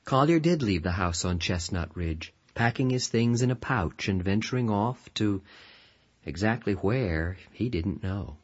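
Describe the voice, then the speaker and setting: A man narrating an audio storybook in an expressive, dramatic manner. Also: on the low side, unhurried. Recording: dull lo-fi recording with music.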